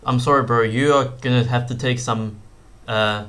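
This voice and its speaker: A man's voice: mid-range voice, steady tone, moderate pace, a bit bright. A young man giving casual commentary as a YouTube host, rambling with fillers and slang.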